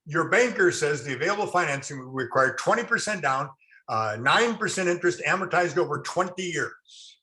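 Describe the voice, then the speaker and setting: A man's voice: on the high side, normal speed. A middle-aged man teaching a real estate class, telling folksy stories and speaking directly to his students. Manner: animated, folksy storyteller, addresses class directly.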